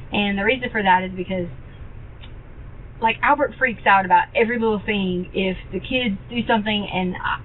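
A woman rambles through a police interview, halting and restarting with many fillers. The audio is thin and phone-like. A faint hiss sits under her voice. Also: medium pitch.

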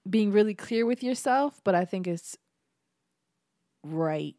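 A woman's voice: medium pitch, animated, slow pace, mellow, no echo, clean studio sound. A young woman hosting a podcast in casual chat, telling stories animatedly with street slang and teasing her guest. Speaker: podcast host.

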